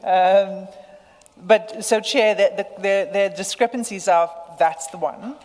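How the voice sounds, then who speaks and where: A woman, legal counsel making formal submissions at a hearing, citing page and paragraph numbers in a measured way. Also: medium pitch, darkish tone. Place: large hearing room. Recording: echoey hearing room with faint hum.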